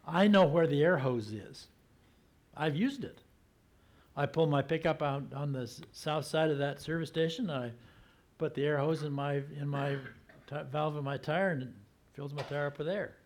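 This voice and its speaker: A man preaching a sermon like he is telling a story to friends, acting out the people in it. His voice sits a little high for a man. He often slows down and drops to a soft, hushed tone to drive a point home. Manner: conversational storytelling, acting out quotes. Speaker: pastor.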